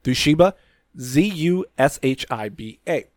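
A man's voice: on the high side, lively intonation, a little slow, no room sound, clean studio sound. Man reading a story aloud on a podcast. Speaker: podcast co-host.

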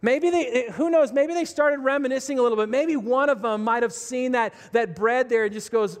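A man's voice: extremely high pitch, moderate pace, hardly any pauses. A man preaching a sermon, retelling a story vividly and speaking directly to his listeners. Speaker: pastor. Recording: long reverb of a large hall.

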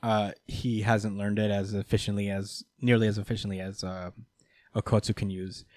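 A man's voice: fairly low pitch, normal speed, no echo, studio quality. Man recapping a story, acting out lines. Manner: animated storytelling, acts out characters' lines, swears. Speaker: podcast host recapping manga. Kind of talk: casual chat.

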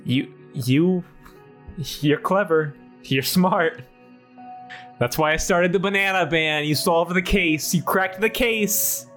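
A man's voice: on the high side, takes it slowly, a bit bright, soft background music, pitched above the performer's own voice. A man in an improv comedy scene playing a hot-headed male chipmunk, a blustering former tough guy.

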